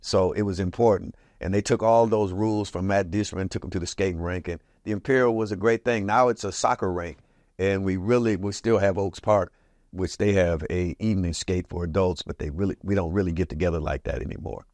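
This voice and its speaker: This man, in his 70s and Portland-raised, reminisces about community history at a fairly quick clip. He's lively and casual, voicing the people he quotes with large shifts in pitch and volume. There's no room sound in the recording.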